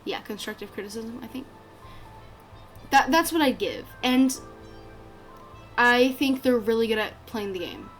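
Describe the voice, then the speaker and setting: A woman's voice: a little high, lively intonation, measured pace, long pauses, faint music behind. Chatty woman narrating her gameplay. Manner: chatty and rambling, many fillers and restarts. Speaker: gaming channel creator. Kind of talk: casual gameplay commentary.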